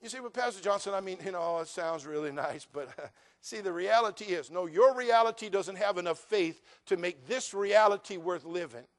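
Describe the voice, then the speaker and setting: A male pastor preaching a sermon, animated and humorous, acting out voices of people in his congregation. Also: high voice, moderate pace.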